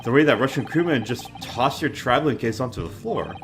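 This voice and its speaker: A man's voice: mid-range voice, expressive, fairly quick, close to an everyday voice. A man voicing a nervous young man who stammers when accused, over game music. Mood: worried. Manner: flustered, stammering.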